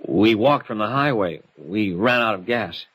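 An actor playing a worried young husband tied up by a convict, speaking in a hesitant, stammering way. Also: male voice, on the low side, lively intonation, measured pace, a bit bright, slightly rough, full character voice, poor audio. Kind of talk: vintage broadcast drama acting.

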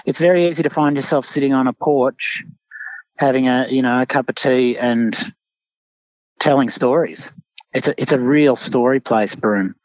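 A man's voice: medium pitch, normal speed, no echo. A man hosting a podcast, chatting casually and hesitantly with many restarts. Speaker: podcast host. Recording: dull dry lo-fi sound.

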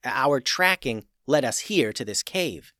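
A man's voice: mid-range voice, expressive, slow, bright, forceful tone, no echo, studio quality. A man voicing a curious, direct young girl adventurer in a storybook reading.

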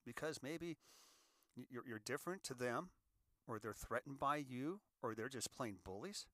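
Bright-voiced man in his sixties, folksy host. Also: mid-range voice, a little fast, no room sound, studio quality. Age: 60s. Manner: folksy, repeats words, warm advice tone. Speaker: show host. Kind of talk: casual monologue to listeners.

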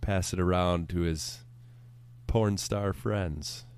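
A man's voice: low-pitched, fairly even intonation, slow pace, a little mellow, clear, resonant tone. A man hosting a sports podcast, chatting casually with a dry, teasing humor.

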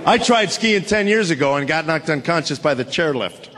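A man in his fifties performing a stand-up comedy routine, telling stories with deadpan punchlines on stage before a laughing audience. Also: fairly high pitch, moderate pace, over a noisy crowd, heavy background noise. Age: 50s.

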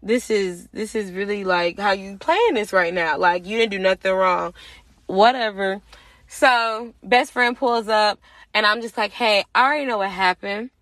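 A young woman hosting a podcast, telling a personal story in casual, profane, animated talk and acting out the other people's lines. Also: medium pitch, moderate pace, no echo. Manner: animated, profane, acts out quoted voices. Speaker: podcast host.

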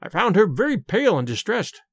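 A man's voice: high-pitched, very animated, brisk, no room sound, exaggerated voice. A man voicing a boastful police detective who tells his story with eagerness. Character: brash, self-pleased police detective, a man.

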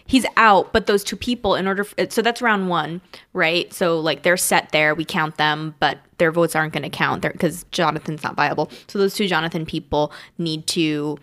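Woman co-host, lower voice for a woman, playful, giggly casual chat. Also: fairly even intonation, normal speed, fairly bright tone. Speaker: podcast co-host.

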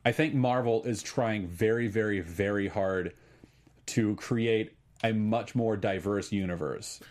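A man's voice: lowish voice, a little slow, darkish tone. A man hosting a podcast, reading out listener messages and chatting casually, with lots of fillers. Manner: rambling, filler-heavy, good-humored.

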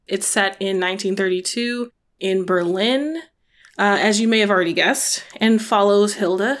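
Brief: a young woman talking through book picks in a chatty, conversational way, mid-pitched. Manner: chatty and conversational, many filler words. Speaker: book reviewer. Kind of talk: casual book review vlog.

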